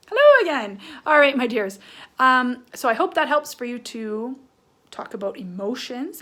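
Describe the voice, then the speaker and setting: Animated woman teacher talking to children. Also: on the high side. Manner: animated, playful, asks "right?" often. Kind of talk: children's lesson, drawing along.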